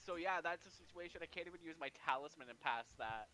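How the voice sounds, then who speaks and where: A man's voice: fairly high pitch, quick pace, bright, forceful tone. A man player at a tabletop game, asking wheedling, probing questions. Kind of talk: casual chat at a game table.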